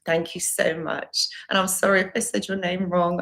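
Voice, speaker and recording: A woman's voice: lowish voice, flat delivery, moderate pace, creaky, a bit bright. A woman recovery coach hosting a live Q&A stream, reading viewer comments aloud and answering with earnest, reassuring advice that she often repeats.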